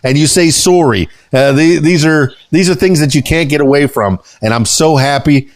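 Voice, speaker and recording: A man's voice: on the high side, moderate pace, dry recording. Rambling man hosting a podcast. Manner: warm-hearted, rambling, many uh fillers. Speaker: podcast host. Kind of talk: casual interview chat.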